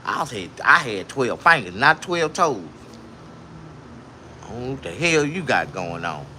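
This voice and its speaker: Lively, bright-voiced male comedian. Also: measured pace, a little hiss or hum. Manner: profane, boastful storytelling; animated, with sudden jumps to a high voice. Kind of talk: crude comedic monologue.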